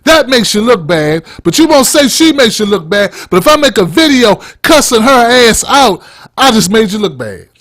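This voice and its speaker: A man's voice: very high voice, very animated, normal speed, fairly bright tone, dry recording, studio quality. Fired-up man ranting with heavy cursing. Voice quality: blunt, heated, heavy cursing. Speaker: podcast host. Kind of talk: profane opinion rant.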